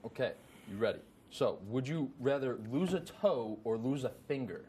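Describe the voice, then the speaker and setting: A young man hosting a casual chat show, rambling with many fillers and restarts, getting excited at times. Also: mid-range voice, normal speed, a little hiss or hum. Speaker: host.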